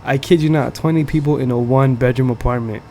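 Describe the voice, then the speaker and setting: A young man from the United States tells a long story on his podcast in a loose, slangy, swearing ramble packed with fillers. His voice sits at an ordinary middle pitch, with a faint hum of room noise behind him. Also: fairly even intonation, quick pace, darkish tone. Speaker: podcast host. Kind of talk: casual storytelling. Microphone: streaming setup.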